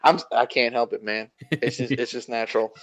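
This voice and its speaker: A playful, animated man joining a podcast as a guest. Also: mid-range voice, fairly quick. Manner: playful, animated, talks with his hands. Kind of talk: casual podcast chat.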